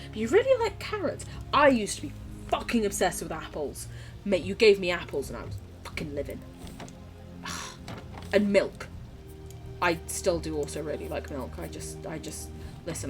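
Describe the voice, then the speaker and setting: A young British woman streaming a game, chatting casually with her viewers while playing. She swears freely and laughs often. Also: fairly low pitch. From United Kingdom. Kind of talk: casual chat while gaming and reading chat.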